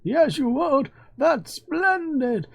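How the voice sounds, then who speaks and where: A man's voice: extremely high pitch, animated, takes it slowly, vocal fry, pitched above the performer's own voice, exaggerated voice. A man voicing a cheery, overly polite male farm villager from a game, in a sing-song manner. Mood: chirpy.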